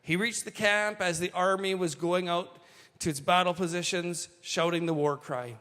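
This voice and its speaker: Male pastor, high-pitched, animated sermon delivery, reverberant hall. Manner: animated, slows for quoted lines, asides to the congregation. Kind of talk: sermon reading and commenting on scripture.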